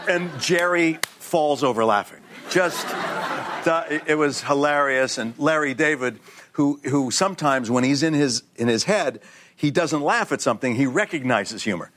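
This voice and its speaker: Older man telling animated stories. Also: fairly high pitch, normal speed, a little hiss or hum. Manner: animated storyteller, acts out other people's voices. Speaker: guest actor. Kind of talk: casual anecdotal chat. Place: TV talk show studio.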